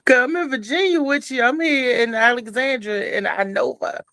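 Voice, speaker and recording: High, gravelly-voiced man calling in. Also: normal speed, sharp tone, dry recording, clean studio sound. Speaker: caller. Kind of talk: casual call-in chat.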